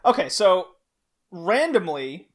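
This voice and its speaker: A man's voice: sits high, very animated, slow pace. A man on a podcast, casually recapping an anime plot, laughing often and restarting his sentences. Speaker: podcast host. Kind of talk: casual chat.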